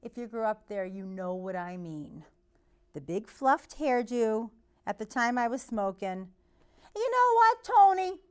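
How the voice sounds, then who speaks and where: A woman from Massachusetts's North Shore with an East Boston accent, hosting her show and telling a story in an animated, loud way, acting out the people she quotes. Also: medium pitch, a little slow, smooth. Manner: animated, gets loud, acts out the voices of people in her stories. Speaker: host. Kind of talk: storytelling monologue.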